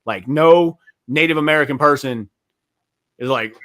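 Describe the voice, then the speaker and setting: Bright-voiced profane comedian guest. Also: male voice, on the high side, unhurried. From West Virginia. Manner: rambling, profane, animated with many fillers. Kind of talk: casual podcast chat.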